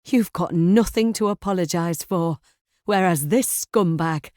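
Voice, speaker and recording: A woman voicing a betrayed, furious middle-aged wife who shouts at her husband in a crime audiobook. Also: fairly low pitch, measured pace, dry recording, clean studio sound, natural voice. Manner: shouting, fierce.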